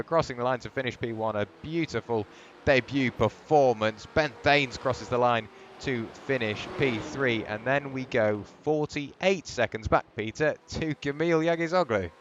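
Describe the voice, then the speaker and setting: A man commentating a sim race live, rambling and lively, building excitement at the finish. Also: mid-range voice, normal speed, dull audio, a little hiss or hum.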